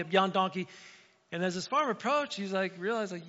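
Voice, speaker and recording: A man's voice: high-pitched, quick pace, bright, forceful tone. A man preaching a sermon as a pastor, talking in a conversational way with frequent "right?" asides to the congregation. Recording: echoey hall, dull lo-fi sound.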